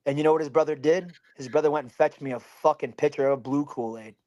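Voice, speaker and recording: A man, a bare-knuckle fighter from Pennsylvania, telling a story in an interview in an animated way and swearing constantly. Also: a little high, fast talker, dull audio.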